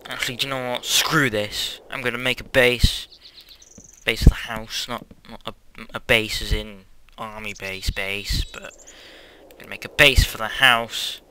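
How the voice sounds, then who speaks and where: A man's voice: medium pitch, steady tone, moderate pace, bright, forceful tone, a little hiss or hum, rough recording. A young man rambling through a Let's Play at home, hyperactive and self-mocking, with sudden squeals and whispered asides. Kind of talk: casual gameplay commentary. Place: quiet house at home.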